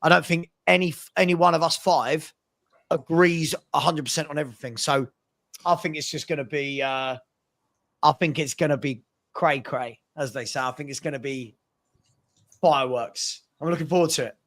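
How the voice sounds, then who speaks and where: A man's voice: fairly high pitch, normal speed, fairly bright tone. A man speaking as a guest on a livestream, emphatic and repeating his key phrases. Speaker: guest streamer. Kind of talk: casual livestream chat.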